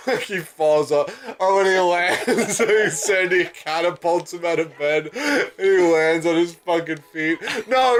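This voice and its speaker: A man in his twenties chatting casually while playing a game, rambling through stories with plenty of laughter and swearing, on a microphone set on a bucket. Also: on the high side. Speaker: let's play co-host, student. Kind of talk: casual gaming chat.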